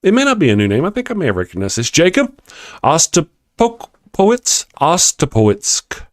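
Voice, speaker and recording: A man's voice: on the high side, huge pitch swings, rapid-fire, dry recording, studio quality. A man with a Texas accent hosting a casual livestream, reading viewer comments and joking with frequent laughs. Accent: Texan. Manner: chatty, laughs often, joking asides. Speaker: livestream host.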